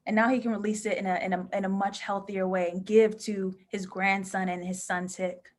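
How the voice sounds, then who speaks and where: With a mid-range voice and a flat delivery at a moderate pace, a woman hosts a live review show about a TV episode and reads viewer comments aloud. Her manner is passionate and emotional, given to sudden laughing outbursts.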